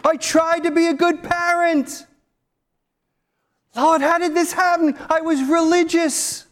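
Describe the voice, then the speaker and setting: A man voicing a sobbing lost soul who pleads with God in a high, wailing voice. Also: fairly even intonation, slow, a bit bright, heavily acted. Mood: anguished pleading.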